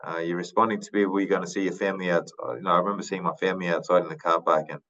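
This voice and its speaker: A man in his thirties from Papua New Guinea talks through his memories slowly, with many ums and restarts. His voice sits low, and the podcast audio sounds dull and lo-fi. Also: little pitch movement, a bit bright. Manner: thoughtful, unhurried, many fillers and restarts. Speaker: podcast guest, retired rugby league player. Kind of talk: casual interview storytelling.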